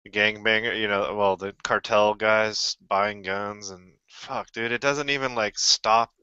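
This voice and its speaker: A man's voice: fairly low pitch, fairly even intonation, unhurried, sharp tone, smooth, dry recording. A man in a casual chat, blunt and swearing. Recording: lo-fi online voice chat.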